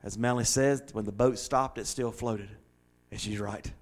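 A man preaching a sermon in an emphatic style, repeating phrases for effect and rising to loud, high excitement. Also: moderate pace. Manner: builds to loud high-pitched excitement at times.

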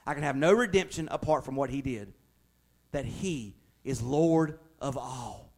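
A man's voice: medium pitch, a little slow, darkish tone. A man, a pastor preaching a conversational sermon that builds to emphatic, raised passages.

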